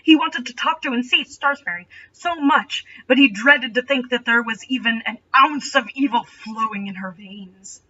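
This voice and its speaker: Young woman reader, bright tone, deadpan sarcastic asides, slightly distant, lo-fi home recording. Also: on the high side, normal speed, hardly any pauses. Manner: dry, mocking, deadpan asides. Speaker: reader and commentator. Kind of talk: reading fanfiction aloud with sarcastic asides. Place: bedroom at home.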